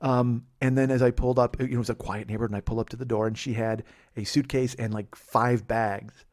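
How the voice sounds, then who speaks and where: Man, comedy podcast host, crude sarcastic storytelling, middle pitch. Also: fairly even intonation, fairly quick, darkish tone. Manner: crude, sarcastic, jumps into silly voices.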